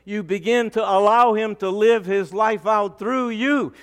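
A male pastor delivering a sermon, preaching with emphatic rises and sudden quiet drops. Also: high voice, fairly even intonation, unhurried, smooth.

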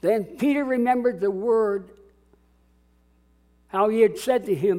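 A man's voice: high-pitched, lively intonation, a little slow, pauses often, darkish tone. A man preaching a sermon as a pastor, dramatic and calling out to his congregation. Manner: dramatic, call-and-response preaching.

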